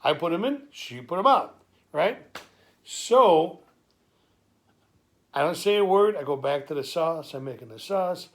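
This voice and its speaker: Streetwise man, slightly high voice, improvised wisecracking monologue. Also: expressive, measured pace, long pauses. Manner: streetwise, wisecracking, stammering asides. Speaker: comic monologuist. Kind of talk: improvised comic storytelling.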